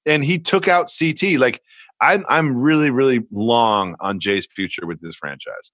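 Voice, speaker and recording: A man co-hosting a podcast in casual chat, animated, sarcastic and rambling. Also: medium pitch, measured pace, no echo. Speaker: podcast co-host.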